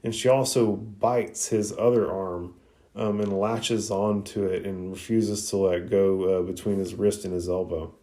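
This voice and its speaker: Male podcast host, low mellow voice, laid-back chatty recap. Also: fairly even intonation, unhurried. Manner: conversational, with frequent fillers and crude asides. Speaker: podcast host reviewing an anime episode. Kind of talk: casual recap and commentary.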